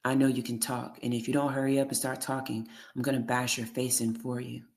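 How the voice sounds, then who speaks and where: A menacing detective, as a reader puts him on, leaning in close. He speaks low, even and threatening, with little rise or fall. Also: brisk, natural voice. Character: menacing male detective, adult.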